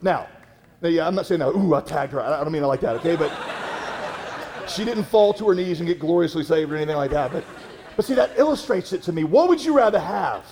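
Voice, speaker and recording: A man preaching a sermon as a pastor, telling a story in a conversational way, halting with fillers and restarts. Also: a little high, expressive, long reverb tail, crowd noise, noisy background.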